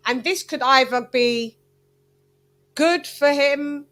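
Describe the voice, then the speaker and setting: A woman's voice: high voice, takes it slowly, fairly bright tone, soft background music. A woman hosting a boxing channel, chatting casually in a wandering way to her livestream viewers. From Britain.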